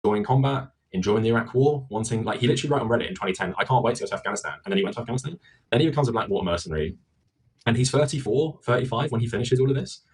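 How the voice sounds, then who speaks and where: Fast-talking, husky-voiced male interviewer. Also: mid-range voice, poor audio. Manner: explains at length, fillers like "like" and "um". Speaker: interviewer in a played clip. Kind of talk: conversational interview.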